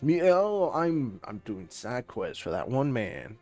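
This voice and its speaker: A man's voice: mid-range voice, big pitch swings, slow pace, a little mellow, soft background music. A man streaming a video game, chatting casually and playfully, reading the game's text aloud in a half-put-on cowboy drawl. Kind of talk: casual let's-play commentary.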